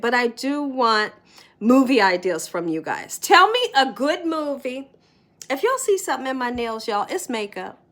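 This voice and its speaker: A middle-aged woman vlogging from home, telling a story to her viewers in an animated way, laughing often and dropping to whispers. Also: high voice.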